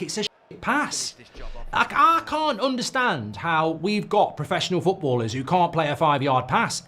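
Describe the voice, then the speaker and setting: A man's voice: sits high, fairly bright tone. A middle-aged man hosting a football watchalong, ranting in live match reaction with frequent swearing.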